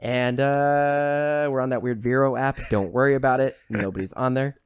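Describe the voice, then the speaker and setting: A man's voice: medium pitch, steady tone, normal speed, smooth, no room sound. A man hosting a podcast, chatting casually and rambling with lots of "like" and the odd swear word. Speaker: podcast host. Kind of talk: casual chat.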